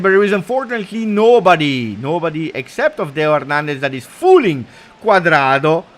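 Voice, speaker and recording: Excitable middle-aged man calling football live. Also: on the high side, slight background noise. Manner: excitable play-by-play, peppered with Italian cheers, reads viewer comments. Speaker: live match watch-along host. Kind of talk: live football commentary and chat reaction.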